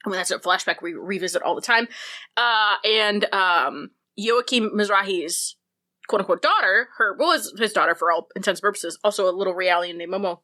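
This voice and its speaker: Bright-voiced woman rambling casually, profane. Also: mid-range voice, brisk. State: drooling from spicy heat. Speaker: podcast co-host. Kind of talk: casual chat while eating hot wings.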